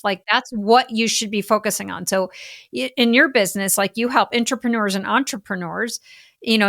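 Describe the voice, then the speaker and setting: A middle-aged woman, a business coach talking as a podcast guest, animated and full of "like" fillers. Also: fairly high pitch, no echo, clean studio sound. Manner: animated, heavy use of "like" fillers. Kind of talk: casual podcast interview chat.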